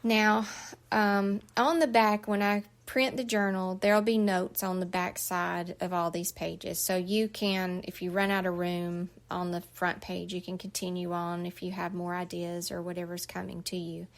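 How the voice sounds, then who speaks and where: A woman's voice: lowish voice, little pitch movement, normal speed. A middle-aged woman walking listeners through a journal step by step, direct and firm, often checking in with "okay?". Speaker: journal author and life coach. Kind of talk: casual step-by-step instruction.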